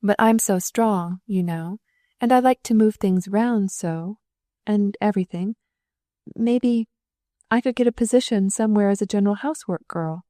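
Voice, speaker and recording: A woman's voice: mid-range voice, moderate pace, warm tone, dry recording, clean studio sound, voice pushed up, close to an everyday voice. A woman voicing a timid, earnest young female nurse in an audiobook, stammering and plaintive. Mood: worried. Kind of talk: audiobook character voice.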